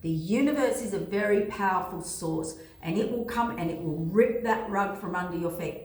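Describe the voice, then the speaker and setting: A woman delivering a casual tarot energy forecast, rambling in repetitive phrases full of fillers. Her voice sits at a middle pitch. It echoes strongly around the room. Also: moderate pace, few pauses, darkish tone. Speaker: tarot reader. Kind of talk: casual spiritual forecast talk.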